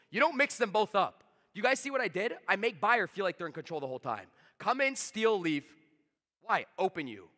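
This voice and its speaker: A man giving a live sales seminar, talking fast, emphatic and blunt, swearing freely at his audience. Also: high voice, bright, forceful tone, in a large hall. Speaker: sales trainer.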